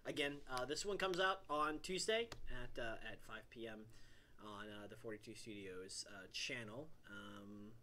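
A man's voice: mid-range voice, normal speed, sharp tone, slight background noise. A man co-hosting a podcast, musing in a loose, reflective way with restarts and "um"s, and wrapping up the episode. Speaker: podcast co-host. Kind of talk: casual chat.

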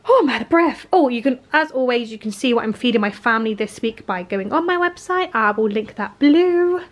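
A woman in her thirties chats casually to the camera, walking viewers through her day in her kitchen. Her voice sits high and bright. She speaks warmly and easily, like a relaxed home vlog. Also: brisk. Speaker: vlogger. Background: household appliances humming.

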